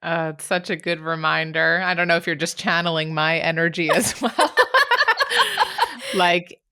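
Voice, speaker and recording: A woman's voice: deep voice, flat delivery, moderate pace, pushed and bright, clean tone. A woman hosting a podcast interview, chatty and reflective, laughing often. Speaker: podcast host.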